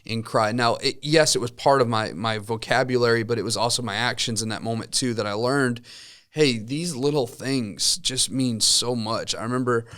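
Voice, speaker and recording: A man in his thirties telling a personal story in casual chat, with lively, halting restarts. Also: mid-range voice, clear, resonant tone. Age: 30s. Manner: animated storytelling with many restarts. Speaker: co-host.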